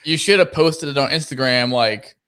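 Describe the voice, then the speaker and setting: A man's voice: mid-range voice, moderate pace, a bit bright, smooth. A man co-hosting a casual podcast, reacting in a laid-back way. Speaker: podcast co-host. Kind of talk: casual chat.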